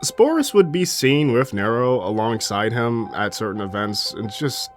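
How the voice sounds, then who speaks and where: A man's voice: mid-range voice, lively intonation, moderate pace, hardly any pauses, faint music behind. A young man giving a casual history commentary, blunt and sarcastic and given to swearing. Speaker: history YouTuber.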